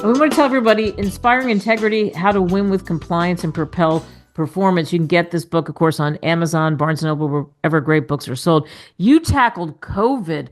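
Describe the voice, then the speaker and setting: A woman's voice: lowish voice, a little fast, faint music behind. Upbeat female radio show host. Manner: upbeat, plugs the book in a promo-like way. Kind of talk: radio interview.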